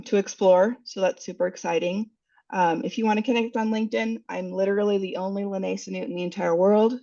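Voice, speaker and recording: A woman's voice: medium pitch, creaky, a little mellow, recorded from a distance, muffled recording. A woman presenting and wrapping up a webinar, chatty and filler-heavy, with upbeat rising endings, heard over an online call. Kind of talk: casual webinar wrap-up.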